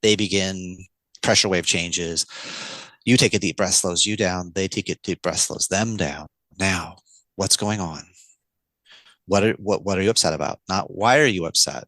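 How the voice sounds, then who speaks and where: A man guest on a podcast, explaining communication with lively, energetic delivery and frequent shifts of pace. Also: low-pitched, normal speed, no room sound, low-quality recording. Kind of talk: casual podcast interview.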